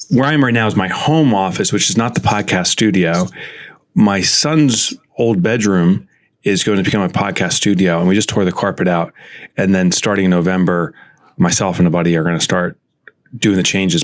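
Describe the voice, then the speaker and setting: Low-voiced chatty male podcast co-host. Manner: chatty, rambling, self-mocking. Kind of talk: casual podcast chat. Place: home office.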